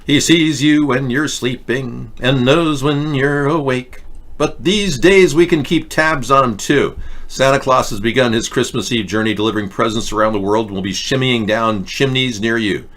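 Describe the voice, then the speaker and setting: Bright-voiced sarcastic male host. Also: mid-range voice, normal speed. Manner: sarcastic, mocking, rambling rants. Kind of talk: satirical political commentary.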